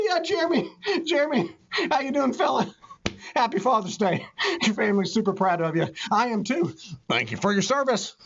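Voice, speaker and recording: Excitable man laughing at his own jokes. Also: very high voice, normal speed, creaky, pauses often. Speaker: comedy creator telling dad jokes. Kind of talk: comic monologue to a doorbell camera. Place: outdoors at a front door. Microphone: doorbell camera. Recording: muffled doorbell camera audio with faint noise.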